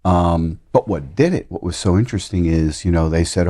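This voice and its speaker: Casting note: deep, mellow man, family doctor guest, measured and explanatory. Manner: measured, explanatory, clinical wording. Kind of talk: casual conversation.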